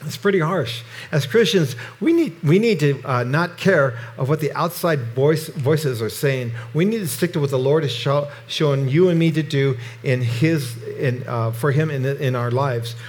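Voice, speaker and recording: A middle-aged man teaching through a Bible chapter verse by verse in a conversational, halting way with frequent restarts. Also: fairly high pitch, a little mellow.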